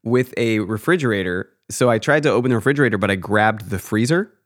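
A man's voice: fairly low pitch, animated, quick pace. A young adult man co-hosting a podcast, telling embarrassing stories in casual chat and laughing through them. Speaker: podcast co-host.

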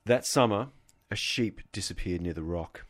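A man hosts a comedy podcast and reads a folklore story aloud in an even, measured way. His voice sits on the low side. He breaks off now and then to trade jokes with his co-hosts. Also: noisy background. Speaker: podcast host.

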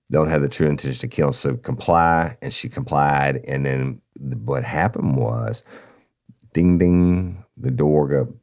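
Gruff, very deep man. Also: darkish tone. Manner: blunt, profane, emphatic asides. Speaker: podcast host, former police officer. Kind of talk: casual true-crime storytelling.

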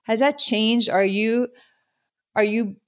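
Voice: medium pitch, steady tone, slow pace. Encouraging podcast host interviewing a guest. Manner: encouraging, frequent short agreements.

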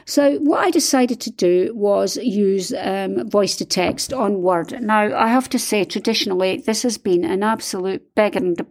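A woman's voice: mid-range voice, moderate pace, few pauses, a little mellow. A Scottish woman, an author hosting a solo podcast, talking in an enthusiastic, chatty way with frequent ums and a slightly strained throat.

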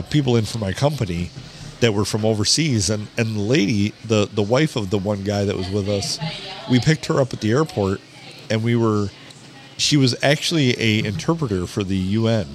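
Man telling a rowdy bar story. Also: fairly low pitch. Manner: swearing, animated anecdote teller who quotes people. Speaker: podcast host. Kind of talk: casual storytelling.

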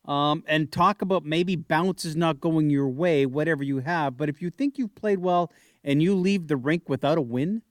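A man hosting sports talk radio, thinking out loud and asking questions conversationally. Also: fairly high pitch, no echo, clean studio sound. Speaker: radio host.

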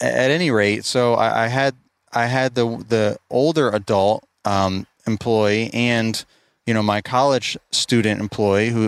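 A man's voice: fairly low pitch, no room sound. A middle-aged man who owns a lawn care business tells a story in a casual, rambling way, often restarting his phrases.

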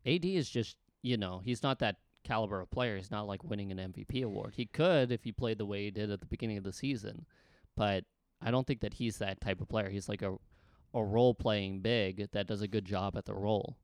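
A man's voice: lowish voice, brisk, dry recording. A man co-hosting a podcast, giving matter-of-fact opinions in a casual basketball chat. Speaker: podcast co-host.

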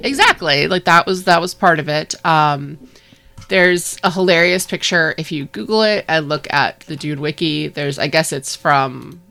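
A woman's voice: low-pitched, moderate pace, gravelly, sharp tone. A woman co-hosting a podcast, rambling casually with fillers and laughs. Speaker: podcast co-host. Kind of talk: casual chat.

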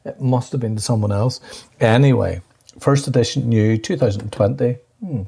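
A man's voice: mid-range voice, moderate pace, gravelly, warm tone, breathy edge. A man co-hosting a podcast, chatting casually, rambling and restarting his sentences. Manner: rambling, distracted, restarts a lot. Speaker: podcast co-host. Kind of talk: casual chat.

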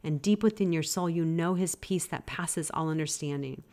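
Woman, low voice, podcast host, devotional teaching, earnest, gently exhorting. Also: normal speed.

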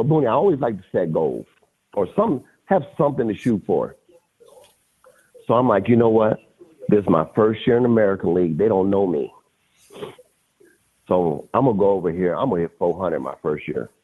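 A husky-voiced man in his fifties tells stories as a podcast guest, his pitch rising and falling as he gets worked up. He laughs and repeats phrases freely. The sound is thin and phone-like. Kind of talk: casual storytelling. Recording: phone-like lo-fi audio.

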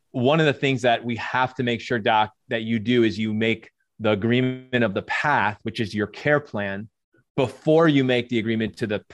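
A man co-hosting a business podcast, pressing his points hard and looping back over words as he goes. His voice sits at an ordinary middle pitch. The sound is close and dry, with no room around it. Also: no echo. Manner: emphatic, repeats words as he builds a point. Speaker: podcast co-host coaching chiropractors. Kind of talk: casual podcast conversation.

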